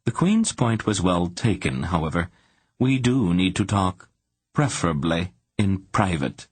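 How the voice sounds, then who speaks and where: Man reading a calm, wise sorceress. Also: sits low, husky, no echo, full character voice. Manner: calm, measured.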